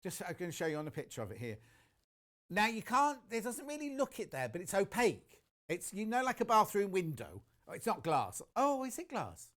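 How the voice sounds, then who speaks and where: Lively, chatty man selling on TV. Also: sits high, fairly quick. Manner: chatty, enthusiastic, talks straight to viewers. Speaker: shopping channel presenter. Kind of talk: live TV product demonstration.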